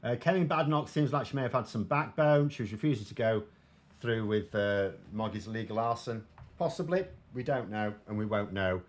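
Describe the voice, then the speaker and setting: A man's voice: on the low side, a little fast. Wry British man talking politics. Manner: wry, sardonic, conversational, with frequent ums. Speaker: political commentator, show host. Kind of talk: casual political commentary answering viewer comments.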